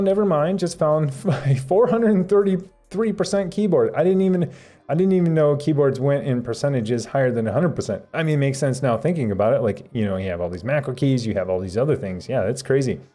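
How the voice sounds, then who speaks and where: A man with a warm, mellow voice hosts a casual tech livestream from his home office. He reads viewer messages aloud and answers in loose, stop-start sentences. Quiet music plays faintly behind him. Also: medium pitch. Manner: relaxed, stammering restarts, reads chat aloud.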